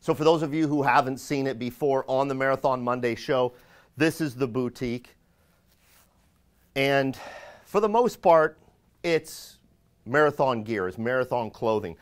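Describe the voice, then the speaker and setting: An upbeat, joking man with a mid-range voice speaks a little slowly as host of a company video show, giving a loud, lively casual walking tour vlog. He starts outdoors by a building, then moves indoors to a lobby and shop, on a dry recording.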